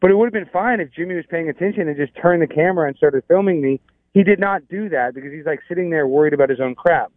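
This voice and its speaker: A man's voice: on the high side, fast, no echo. A man telling a rambling, exasperated story in casual chat, with many restarts. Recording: tinny phone line.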